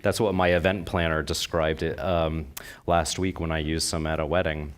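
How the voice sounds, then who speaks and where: A man's voice: very deep voice, level tone, normal speed. A man giving a live floral design demonstration to an audience, chatty and enthusiastic, often asking them questions. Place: convention stage before an audience.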